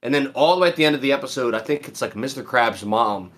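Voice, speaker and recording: A man in casual chat who retells scenes in an animated way and swears freely. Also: medium pitch, quick pace. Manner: animated storyteller, profane.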